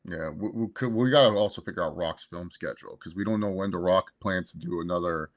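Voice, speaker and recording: A man's voice: low voice, a little fast. A man co-hosting a casual wrestling review, rambling and laughing as he acts out quotes. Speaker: co-host.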